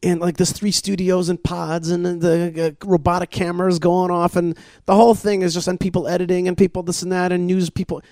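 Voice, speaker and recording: A man co-hosting a podcast, telling stories in an animated, excitable way, acting out what others said and restarting his sentences often. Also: sits high, brisk, few pauses, no echo, studio quality. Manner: excitable, acts out quoted voices, many restarts. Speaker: podcast co-host. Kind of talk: animated storytelling chat.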